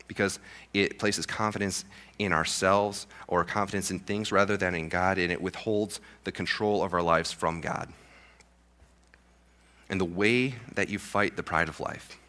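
Young male pastor, low pitch and bright delivery, relaxed joking sermon style. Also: normal speed. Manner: casual, joking asides with many restarts.

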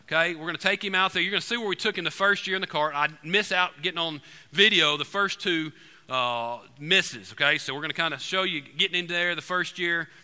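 A man preaching to a congregation, telling an animated, joking hunting story to the room. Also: a little high, fairly quick, smooth. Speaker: pastor. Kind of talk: storytelling sermon. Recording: long reverb in a large hall.

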